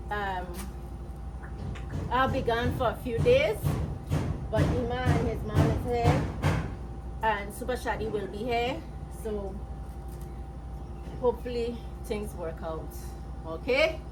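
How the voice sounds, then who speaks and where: An American woman from the United States giving a casual, easygoing walking tour of her rural homestead and talking straight to her viewers, recorded outdoors on a handheld phone. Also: medium pitch. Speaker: vlogger. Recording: loud outdoor background noise.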